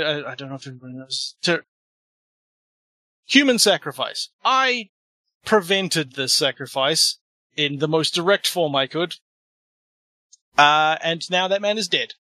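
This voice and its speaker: A man playing a tabletop role-playing game, telling his character's story in character with many restarts and halting fillers. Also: on the high side, bright, forceful tone, no room sound.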